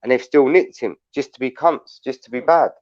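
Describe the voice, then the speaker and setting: A London man rants bluntly, swearing freely and telling his stories at a steady clip. The sound is dry and close, with a slightly dull, muffled edge from the livestream audio. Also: mid-range voice, moderate pace, no room sound. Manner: blunt, sweary, storytelling rant. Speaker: livestream panel host. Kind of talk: heated casual chat.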